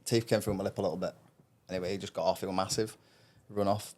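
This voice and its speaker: A man with a low voice. He rambles through a story in relaxed podcast chat and keeps asking 'you know what I mean'. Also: quick pace. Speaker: podcast co-host. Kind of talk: casual chat.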